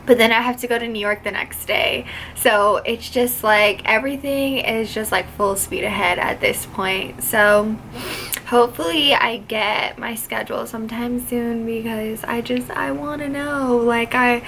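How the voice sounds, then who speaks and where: A woman's voice: fairly high pitch, steady tone, unhurried, a bit bright, a little hiss or hum, low-quality recording. Teary, gushing young woman vlogger. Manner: gushing, emotional, frequent "like" fillers. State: teary, on the verge of crying. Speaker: vlogger, flight attendant trainee. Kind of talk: casual vlog chat.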